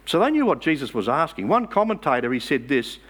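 A man's voice: on the high side, very animated, brisk, fairly bright tone. A man preaching a sermon in church, emphatic and asking the congregation rhetorical questions.

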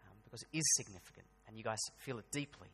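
A man's voice: fairly low pitch, rapid-fire, a bit bright, breathy edge, in a large hall. A man preaching a sermon, talking conversationally and building to emphatic bursts. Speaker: pastor. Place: church hall.

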